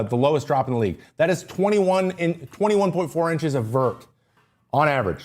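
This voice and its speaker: Animated, easily sidetracked male host. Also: mid-range voice. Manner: excitable, easily sidetracked, self-interrupting. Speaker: podcast host breaking down pitchers. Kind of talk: casual livestream analysis.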